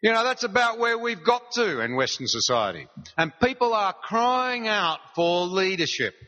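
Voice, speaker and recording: A man's voice: sits high, big pitch swings, normal speed, sharp tone. An Australian man giving a public speech, telling wry anecdotes with earnest asides. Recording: dull, reverberant hall recording.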